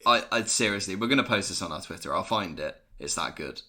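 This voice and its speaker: Young guy on a podcast, super bright voice, gets hyped and swears a lot. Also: low voice, fast, slight background noise. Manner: excitable, swearing, laughs a lot. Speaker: podcast co-host. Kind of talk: casual chat recapping wrestling.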